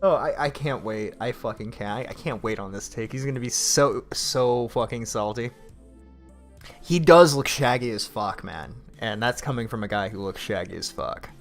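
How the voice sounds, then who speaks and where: A man's voice: mid-range voice, normal speed, faint music behind. A man hosting a late-night livestream, commenting on clips with sarcastic, profane mockery. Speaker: stream host.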